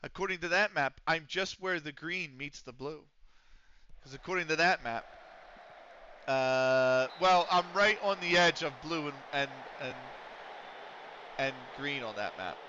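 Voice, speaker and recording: A young man from Pennsylvania chats through a livestream, profane and rambling. His voice sits a little high and sounds bright, almost sharp. The audio is dull and lo-fi, with a faint hiss underneath. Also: unhurried. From Pennsylvania, USA. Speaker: streamer. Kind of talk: casual gaming stream chat.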